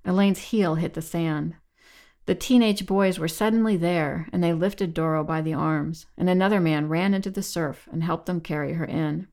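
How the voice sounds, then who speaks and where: A woman reading a novel aloud as narrator, in a measured, evenly paced delivery. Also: fairly low pitch, steady tone, darkish tone. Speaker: audiobook narrator. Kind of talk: scripted narration.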